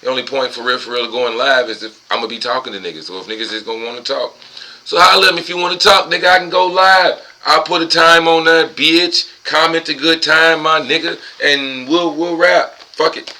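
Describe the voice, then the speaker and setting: Buzzed male vlogger with a raised, sharp, forceful voice who rants and swears. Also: fairly high pitch, a little fast, poor audio. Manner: rambling, profane ranting. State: tipsy and high. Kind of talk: casual profane monologue.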